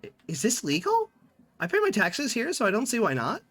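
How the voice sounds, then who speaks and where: A man voicing an easygoing male stall keeper in a game, chatting in a relaxed, friendly way. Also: high voice, a little fast, pitched above the performer's own voice, heavily acted.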